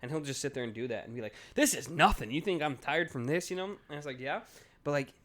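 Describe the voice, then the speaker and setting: A man's voice: a little high, animated, quick pace, a bit bright. A man in his thirties, a podcast co-host, rambling through a story in casual chat.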